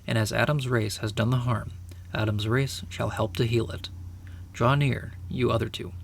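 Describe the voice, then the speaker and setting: A man voicing a solemn, gravelly kingly lion. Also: mid-range voice, steady tone, slight background noise, lightly acted. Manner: grave, measured, commanding.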